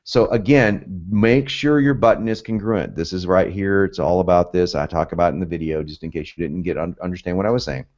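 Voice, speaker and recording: A man's voice: low voice, brisk, few pauses, darkish tone, muffled recording. A man with a Southern US accent with some Northern traces, teaching a copywriting course in an emphatic, pumped-up way, full of repetition and asides. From United States, both North and South. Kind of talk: energetic teaching talk.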